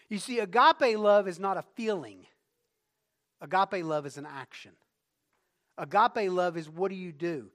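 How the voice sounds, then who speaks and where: A male pastor preaching a conversational sermon, moving between quiet reflection and rising bursts of emphasis. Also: high voice, unhurried, long pauses.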